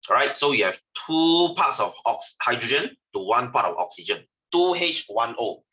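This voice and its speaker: A man's voice: medium pitch, very animated, moderate pace, pushed and bright. A man with a Singaporean English accent teaching a science class over a video call, chatty and teasing his students, often ending sentences with "lah". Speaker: science tutor. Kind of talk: online class lesson. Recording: dull lo-fi video call audio.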